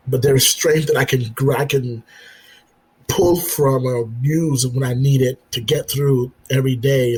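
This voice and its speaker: A man, a military veteran and father, telling his story as a podcast guest in an earnest, halting way, repeating himself and acting out the dialogue. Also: mid-range voice, slightly rough, low-quality recording. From United States. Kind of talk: personal storytelling in an interview.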